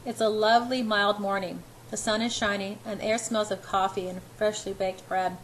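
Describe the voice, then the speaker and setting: A woman's voice: mid-range voice, little pitch movement, fairly quick, hardly any pauses, slight background noise, poor audio. Woman reading a novel aloud in first person. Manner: earnest first-person storytelling, occasional stumbles. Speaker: narrator. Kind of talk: amateur audiobook reading.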